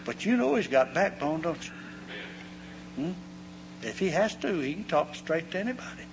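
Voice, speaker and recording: A man's voice: on the high side, moderate pace, gravelly. A man preaching a folksy sermon, telling homespun stories and acting out the voices in them. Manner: homespun, animated, acts out voices in anecdotes. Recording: long hall reverb, faint hum.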